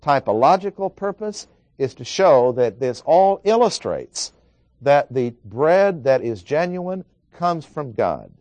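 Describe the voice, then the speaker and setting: A man's voice: fairly high pitch, very animated, takes it slowly, a little mellow, dry recording. A man preaching an expository Bible lesson, working through numbered points and reading scripture aloud.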